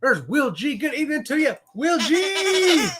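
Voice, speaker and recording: A man's voice: very high-pitched, big pitch swings, unhurried, background noise. A man co-hosting a live chat, joking and greeting viewers by name. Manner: playful, jokey, laughs often, greets viewers by name. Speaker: livestream co-host.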